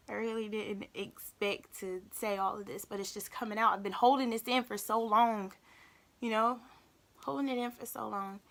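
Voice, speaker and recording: A young woman talking openly in a personal vlog, halting and emotional, often repeating herself. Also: mid-range voice, fairly even intonation, gravelly, fairly bright tone. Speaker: vlogger.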